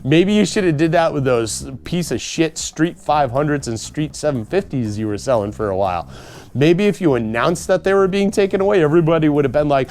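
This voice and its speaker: A man ranting sarcastically in a casual motorcycle vlog, animated and laughing as he mocks other riders. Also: a little high, fairly quick. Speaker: motorcycle vlogger.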